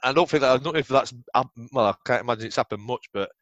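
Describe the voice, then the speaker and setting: Talking very fast in a medium-pitched, fairly bright voice, this middle-aged Yorkshire ex-footballer is a podcast guest, recorded muffled but without echo. He rambles through sweary football stories in a relaxed interview.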